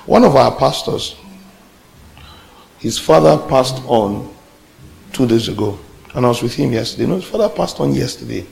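Guy preaching a sermon, super gravelly voice, talks low then shouts stuff back at the church. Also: low-quality recording. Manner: call-and-response preaching, rising to exclamations. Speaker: pastor.

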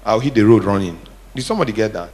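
A man's voice: on the low side, lively intonation, rapid-fire, darkish tone. A middle-aged man preaching a sermon, asking the congregation questions and building to emphatic repeated phrases. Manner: call-and-response preaching, rising to emphatic repetition. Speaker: pastor.

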